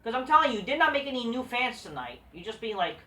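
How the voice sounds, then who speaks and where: A woman's voice: a little high, big pitch swings, quick pace, bright, forceful tone. A woman giving a profane, sarcastic rant as a wrestling show reviewer. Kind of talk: ranting video review. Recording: roomy, distant from the mic.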